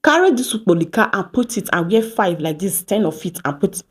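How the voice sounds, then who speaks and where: A Nigerian woman in her thirties from Edo State, telling stories to camera in a lively vlog, slipping into Pidgin and acting out what people said. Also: mid-range voice, fairly quick, breathy edge. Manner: animated, mixes Pidgin phrases, acts out quoted exchanges. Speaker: vlogger. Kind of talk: casual storytelling to camera.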